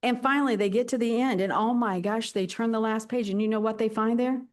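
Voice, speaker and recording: A woman's voice: on the high side, fairly even intonation, brisk. An older woman pastor delivering a sermon in a playful, dramatic and emphatic way.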